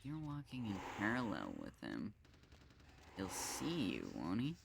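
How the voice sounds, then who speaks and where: A man commenting on his own live game stream, thinking out loud in a slow, drawn-out way. He swears freely and pokes fun at himself. A faint hiss sits under the voice. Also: on the low side, wildly swooping pitch, creaky. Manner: thinks aloud, swears often, self-mocking.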